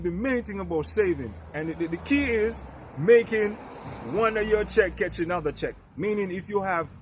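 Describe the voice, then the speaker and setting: A man's voice: on the high side, a little hiss or hum. A middle-aged man giving emphatic, preachy advice straight to camera in a vlog. He keeps asking the listener if they understand, and he often stumbles and repeats words. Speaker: vlogger. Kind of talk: direct-to-camera advice rant.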